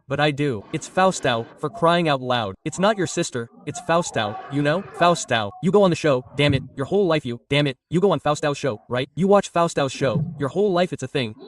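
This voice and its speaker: A man doing a stand-up comedy set, telling stories with lively crowd work and swearing. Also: a little high, far from the mic. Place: comedy club stage.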